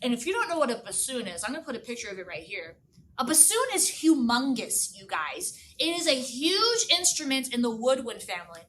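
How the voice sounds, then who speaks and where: A woman telling a silly children's story as a music teacher, animated, with sung sound effects and big exclamations. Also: on the high side, brisk, far from the mic.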